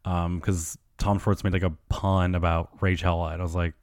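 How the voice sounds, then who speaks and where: A man hosting a solo podcast, chatting in a gossipy, profane way full of "like" and quick mimicry of the people he talks about. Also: low voice, flat delivery, a little mellow, clear, resonant tone, no echo, studio quality. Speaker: podcast host. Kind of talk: casual solo podcast recap.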